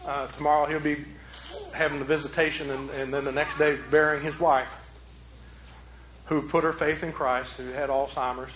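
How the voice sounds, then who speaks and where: A man preaching a sermon as a pastor, swinging from loud urgent peaks to hushed low passages. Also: flat delivery, normal speed, echoey room, slight background noise, rough recording.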